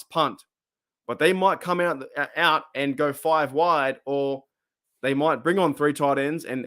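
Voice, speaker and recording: A man's voice: a little high, a bit bright. Chatty Australian man on a live stream. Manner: chatty, rambling, laughs often. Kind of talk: casual live-stream chat reading comments.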